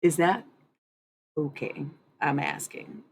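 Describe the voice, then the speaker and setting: Low-voiced woman streamer, dreamy and meandering. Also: steady tone, slow, a little hiss or hum, poor audio. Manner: dreamy, meandering, laughs often. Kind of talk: casual livestream chat about channeling.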